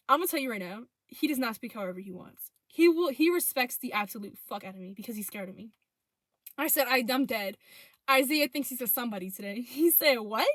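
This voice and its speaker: A young woman casually retelling a breakup through text messages, profane and animated. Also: a little high, no room sound, clean studio sound. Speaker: storyteller. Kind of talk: casual storytime vlog.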